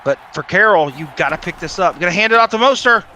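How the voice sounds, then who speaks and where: An excitable man calls a college video game football match live, with a high, bright, forceful voice. He jokes between plays and breaks into shouts when scores come. Faint noise sits behind him. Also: fast. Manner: excitable, shouts on big plays, joking asides. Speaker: esports caster. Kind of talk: live play-by-play commentary on a video game stream.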